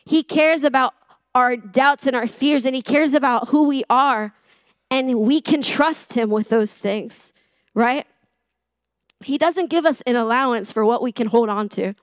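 An English teacher's voice sits high as she speaks at a measured pace on a dry recording, giving a conversational sermon. She's chatty and self-deprecating, frequently turning questions back to the listeners.

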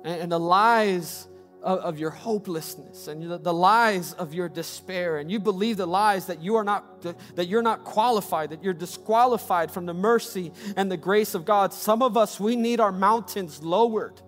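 A man's voice: sits high, normal speed, a bit bright, faint music behind. A man preaching a sermon as a pastor, building passionate, repetitive cadences.

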